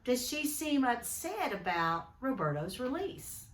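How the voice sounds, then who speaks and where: Woman, teacher, recorded home lesson, unhurried, roomy echo. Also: a little high, sing-song. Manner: thoughtful, lots of ums. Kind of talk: recorded class lesson, reading and discussion.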